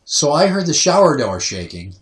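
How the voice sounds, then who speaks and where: Telling casual stories on his podcast, a man in his thirties mimics the voices of others. His fairly high voice is very animated at a moderate pace, and the roomy recording places him far from the mic.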